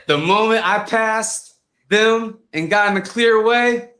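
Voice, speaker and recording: A man, a fighter and guest, telling comic stories in a lively way and acting out voices. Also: high voice, slow pace, echoey room. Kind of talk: animated storytelling on a podcast.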